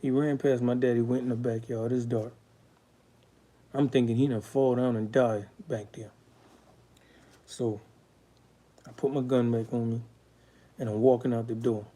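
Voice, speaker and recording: A man's voice: medium pitch, warm tone. A man telling his own life story with raw emotion, blunt and profane as he talks. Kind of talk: candid storytelling.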